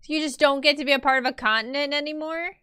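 A woman's voice: high voice, fairly even intonation, fast, bright, forceful tone, no room sound, studio quality. A woman live streamer chatting casually while she draws. She reads viewer messages aloud, answers them playfully and laughs easily.

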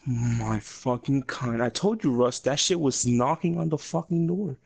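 A man's voice: mid-range voice, a little slow, vocal fry, darkish tone, husky. A man giving casual gameplay commentary while in pain from a leg cramp, swearing and groaning to a friend. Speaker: gaming streamer.

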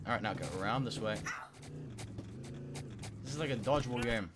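A man commentating on a game he is playing, excitable and swearing, a bit sick and clearing his throat. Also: mid-range voice, fairly quick, background noise. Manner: excitable, swearing, yelping at failures. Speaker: gameplay commentator. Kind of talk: let's play commentary.

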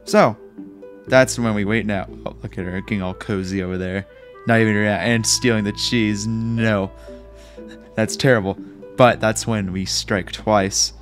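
A man's voice: fairly low pitch, fairly even intonation, unhurried, soft background music. A man giving rambling, joking and self-mocking gameplay commentary as a Minecraft YouTuber.

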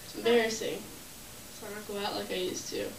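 A woman performing a stand-up comedy set, animated, working the crowd and acting out bits. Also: medium pitch, fast talker. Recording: echoey room from far off, noisy.

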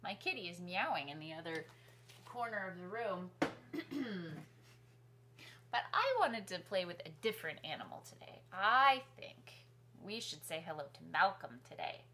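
A woman hosting a children's music class from her living room, singing nursery songs and talking gently to young kids. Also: on the low side, very animated, moderate pace. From New York City. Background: guitar accompaniment.

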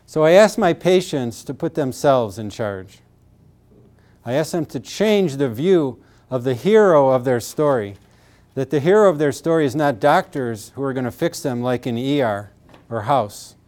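A man's voice: medium pitch, expressive, measured pace, darkish tone. Earnest man explaining pain therapy. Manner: earnest, re-enacts patients' words with emotion. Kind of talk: explanatory talk with acted patient quotes.

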